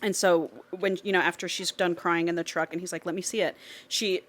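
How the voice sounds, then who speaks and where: A podcast co-host recaps a novel in casual conversation, swearing freely, laughing often, and acting out the characters' lines. Her voice is lowish and fairly bright, with little pitch movement, and she talks fairly quickly.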